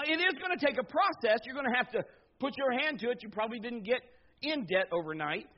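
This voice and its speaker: A middle-aged man preaching a sermon as pastor, swinging from loud emphatic bursts to low, quiet stretches. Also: animated, fast talker. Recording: slightly dull lo-fi sound.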